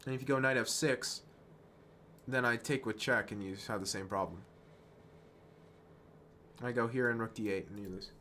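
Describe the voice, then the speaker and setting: A man streaming chess, talking fast and self-mocking through move lines, dropping to quiet muttering when frustrated. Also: medium pitch, steady tone, a little hiss or hum. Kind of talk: casual live-stream game commentary.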